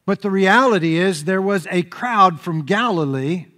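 A man preaching a sermon as pastor, telling the story in an animated way. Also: high-pitched, a little slow. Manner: animated storytelling preacher, acts out crowd shouts. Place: church sanctuary. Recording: reverberant church hall.

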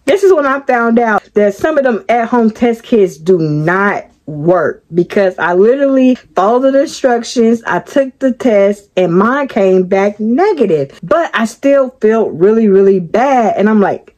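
A young woman with a drawl tells a story to her viewers, lively and direct. Her voice sits on the higher side and stays animated as she talks straight into the camera. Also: a little slow, few pauses. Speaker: vlogger. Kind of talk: storytime vlog.

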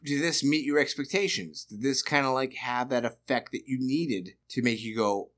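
A man's voice: medium pitch, moderate pace, fairly bright tone. A man from Massachusetts hosting a casual podcast chat, blunt and profane, firing off rhetorical questions. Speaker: podcast host.

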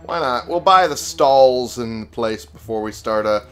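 A man's voice: medium pitch, lively intonation, moderate pace, fairly bright tone. A young man casually commentating his gameplay, swearing freely and talking back to the characters with wry humor. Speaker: let's play gamer.

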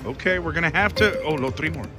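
A man playing slots on a casino floor, giving excitable running commentary and calling out to his viewers and his mom. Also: a little high, quick pace. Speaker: casino slot vlogger. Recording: casino floor with loud music. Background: slot machine music.

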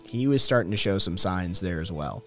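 Here the same kind of profane, rambling host sounds low-pitched and animated, speaking at normal speed. He reacts to chat during a casual livestream while faint music plays in the background.

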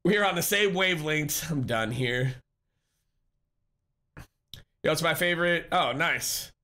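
With lively intonation and a moderate pace, a talkative, upbeat man answers his stream viewers by name in a relaxed chat. His somewhat high male voice carries a bright, crisp edge.

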